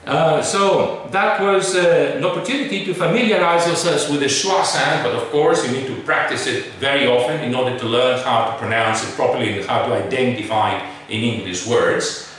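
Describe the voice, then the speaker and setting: A man teaching an English pronunciation lesson, modeling words slowly and emphatically. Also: mid-range voice, fairly bright tone, recorded from a distance, a little hiss or hum. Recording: echoey room, voice off-mic.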